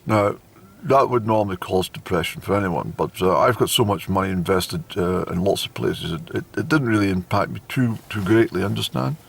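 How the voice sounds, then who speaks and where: Brusque dismissive doctor put on by a male vlogger, low and raspy. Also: moderate pace, few pauses. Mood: scornful. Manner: curt and belittling.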